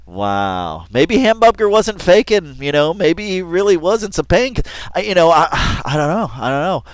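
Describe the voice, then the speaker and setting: A man's voice: fairly high pitch, big pitch swings, moderate pace, dry recording. A man giving casual reaction commentary on a video, rambling and chatty with lots of fillers and restarts, often laughing as he talks. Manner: laughs often while talking.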